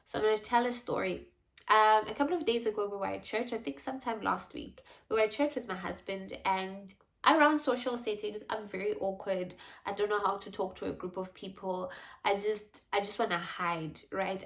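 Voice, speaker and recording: A woman telling a personal story in a faith vlog, candid and reflective. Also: mid-range voice. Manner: candid, reflective, animated in retold asides. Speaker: faith and lifestyle vlogger.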